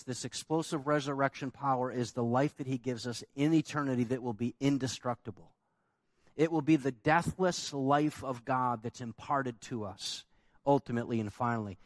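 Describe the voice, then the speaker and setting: A man's voice: mid-range voice, dry recording. A man preaching a sermon as pastor, emphatic and conversational, asking the congregation rhetorical questions.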